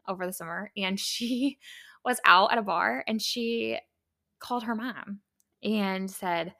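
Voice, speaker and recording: A woman's voice: medium pitch, slow, gravelly, bright, forceful tone. A young woman hosting her own podcast, talking casually and heartfelt, rambling with many fillers and restarts. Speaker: podcast host. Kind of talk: casual solo podcast talk.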